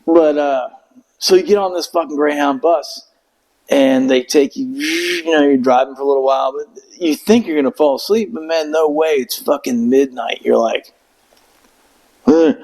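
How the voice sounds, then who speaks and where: A man's voice: fairly high pitch, moderate pace, a little mellow, poor audio. A middle-aged man telling a rambling, profane story in casual chat, acting out quotes in raised voices. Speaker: Marine veteran guest.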